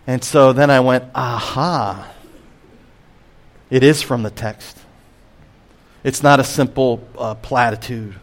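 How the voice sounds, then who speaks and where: A middle-aged man, a pastor, preaching a sermon with emphatic rises and hushed drops. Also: mid-range voice, a little slow. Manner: expressive, swings between emphatic and hushed.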